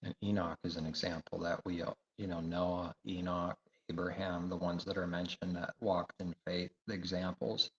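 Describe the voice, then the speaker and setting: A man's voice: low voice, little pitch movement, normal speed, hardly any pauses, a bit bright. A man preaching a sermon, emphatic and repetitive, firing rhetorical questions. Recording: echoey room, dull lo-fi sound.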